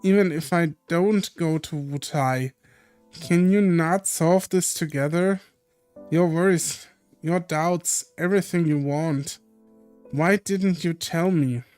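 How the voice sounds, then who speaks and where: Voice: mid-range voice, slow pace, a little mellow, clean tone, soft background music. A streamer reading a visual novel aloud in an earnest, emotional way.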